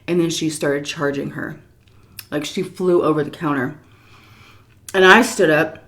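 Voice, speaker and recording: A woman telling a long story casually while eating on camera, animated, often jumping into high voices for quotes and dropping to soft whispers between bites. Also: a little slow. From Texas. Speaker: mukbang storyteller.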